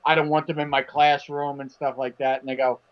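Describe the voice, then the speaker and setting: A man telling a long anecdote in casual podcast chat, animated, acting out the people he quotes and swearing freely. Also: medium pitch, brisk. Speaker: podcast co-host. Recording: dull lo-fi stream audio.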